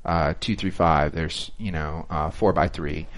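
A man telling a lively behind-the-scenes story on a panel, acting out the people he quotes and laughing often. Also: rumbling low, unhurried. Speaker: TV director. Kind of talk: casual anecdote on a panel.

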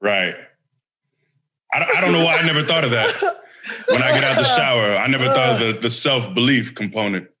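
A man's voice: medium pitch, lively intonation, fairly quick, pauses often, sharp tone. A man co-hosting a podcast in casual chat, joking in a dry way. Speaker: podcast co-host.

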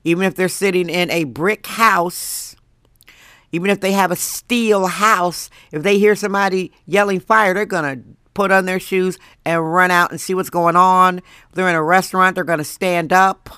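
A hoarse woman from Wisconsin who has lost her voice, hosting a chatty, jokey solo podcast from home. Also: fairly low pitch, fairly even intonation, normal speed, sharp tone, no room sound, clean studio sound. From Wisconsin, USA. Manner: chatty, jokey, laughs at herself. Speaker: podcast host. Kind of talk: casual solo monologue.

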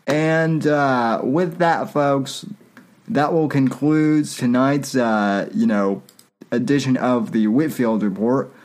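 Reading satire on his podcast, a man offers casual commentary and repeatedly cracks up. He speaks slowly in a medium-pitched, slightly mellow voice, loose and irreverent, often using fillers and starting over.

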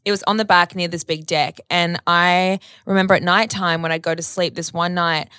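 A woman's voice: lowish voice, steady tone, moderate pace, pushed and bright, clear, resonant tone, no room sound, studio quality. A woman, telling a long story in casual chat, rambling with lots of "like" and casual swearing.

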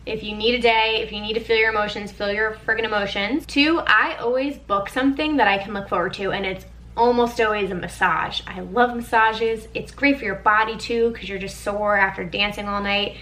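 A woman's voice: medium pitch, fairly even intonation, a little fast, a bit bright, rough recording. A young woman hosting a podcast, telling a candid personal story in a chatty, casual way, with lots of "like" and frequent swearing. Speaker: podcast host.

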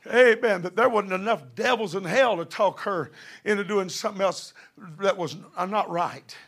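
A middle-aged man preaching a sermon with fervor, building to shouted passages. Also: high-pitched, normal speed, vocal fry.

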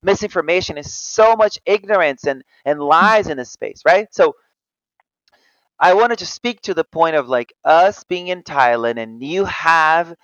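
High, lively-voiced man on a podcast. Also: a little slow, smooth, no room sound. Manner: eager, interjecting, swears casually. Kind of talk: casual podcast chat. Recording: dull lo-fi, dry.

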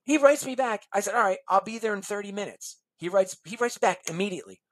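A man, a guest on a podcast interview, telling a long personal anecdote in a lively way and acting out other people's lines. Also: high-pitched, quick pace.

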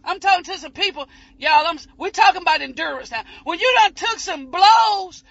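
A woman preaching an ecstatic sermon, shouting and whooping, her voice breaking as if crying. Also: very high-pitched, animated, moderate pace, creaky, dry recording. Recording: muffled lo-fi recording.

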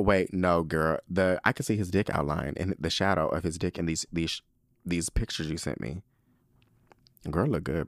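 A man hosting his own podcast in casual chat, talking in a sassy, animated way with lots of slang. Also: fairly low pitch, normal speed, no room sound, studio quality. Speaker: podcast host.

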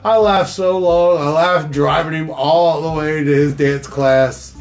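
A man's voice: on the high side, steady tone, a little slow. A young man co-hosting a casual podcast, telling rambling, profane stories and laughing along. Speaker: podcast co-host. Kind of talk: casual chat.

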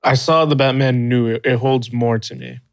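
A man's voice: medium pitch, fairly even intonation, normal speed, creaky, no room sound, clean studio sound. A laid-back man in casual chat with friends.

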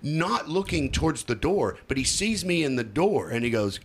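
A man telling a comic story as a podcast guest, animated and often laughing as he acts out the people in it. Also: fairly high pitch, moderate pace, a little hiss or hum.

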